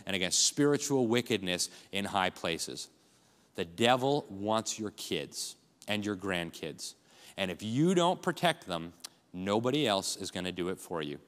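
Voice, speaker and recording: A man's voice: fairly low pitch, a bit bright. A man giving an impassioned, rallying speech at a conference, addressing the crowd as folks. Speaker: conference speaker. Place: large conference hall. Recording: long hall reverb.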